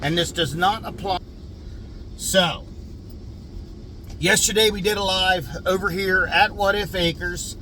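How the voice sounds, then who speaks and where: A man's voice: sits high, steady tone, slow pace, pauses often, noisy background. A middle-aged man vlogging from his farm outdoors on a handheld phone, talking earnestly and defensively to his viewers with plenty of fillers. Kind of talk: casual vlog talk to viewers.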